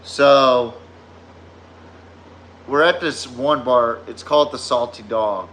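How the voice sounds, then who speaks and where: A man's voice: medium pitch, slow, a bit bright, slight background noise. A man with a Southern US drawl hosting a casual sports podcast, telling rambling, profane stories. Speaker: podcast host.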